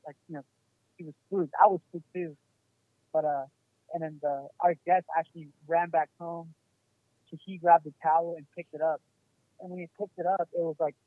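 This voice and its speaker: A man's voice: fairly high pitch, no room sound. Man on a tinny phone-like line. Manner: rambling, lots of "like" and swearing. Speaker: podcast guest. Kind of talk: casual storytelling.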